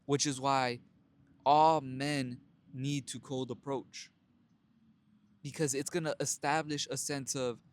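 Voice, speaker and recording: A man's voice: mid-range voice, slow, pauses often. Blunt, profane young man preaching. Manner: blunt and profane, addresses listeners as brothers; animated storytelling with frequent laughs. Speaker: self-help vlogger. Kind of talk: casual motivational monologue.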